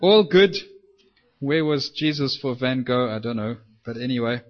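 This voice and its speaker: A man preaching a sermon, telling a Bible story with lively acted-out quotes. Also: medium pitch, moderate pace, lo-fi sound. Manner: animated storytelling, acts out quoted voices.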